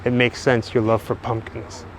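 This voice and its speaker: A man's voice: medium pitch, completely flat delivery, normal speed. A man guiding viewers on foot through an old cemetery, chatty and enthusiastic, recorded outdoors on a camera mic. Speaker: travel vlogger. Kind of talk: walking tour vlog narration. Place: outdoors in a cemetery by a busy road. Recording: outdoor street noise, passing traffic. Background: faint cars and trucks.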